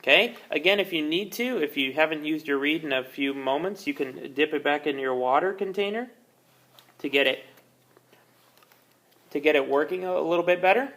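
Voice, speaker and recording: Bright-voiced man teaching the oboe. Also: fairly high pitch, moderate pace. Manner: patient, explanatory, frequent fillers. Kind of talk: step-by-step music lesson. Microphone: camera mic, repositioned during video.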